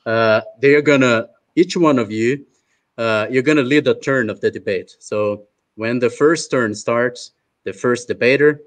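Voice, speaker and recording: A man from Brazil with a Brazilian Portuguese accent, moderating an online roundtable and introducing the panelists in a hesitant, chatty way full of filler uhs, over a video call. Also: mid-range voice.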